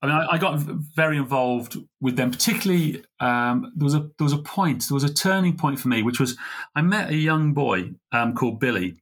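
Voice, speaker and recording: A middle-aged man, a podcast guest, telling a heartfelt story in an earnest, halting way. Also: medium pitch, lively intonation, fairly bright tone. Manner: earnest, halting, full of fillers and restarts. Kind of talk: conversational storytelling.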